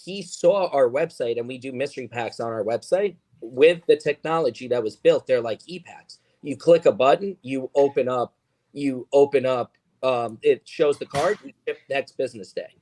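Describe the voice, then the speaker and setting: A man's voice: mid-range voice, moderate pace, warm tone. A man talking as a podcast guest, emphatic and rambling with lots of fillers. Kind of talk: casual chat.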